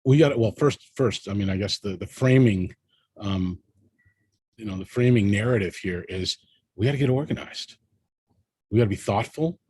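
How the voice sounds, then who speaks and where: A man's voice: fairly low pitch, normal speed, pauses often, darkish tone, slight background noise. A man speaking as a panel guest in an impassioned discussion, emphatic and rallying, often tagging his points with "right?".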